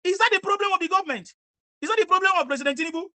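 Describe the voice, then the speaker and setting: A woman, interviewing people in the street and lecturing them forcefully with a lot of repetition. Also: very high-pitched, rapid-fire.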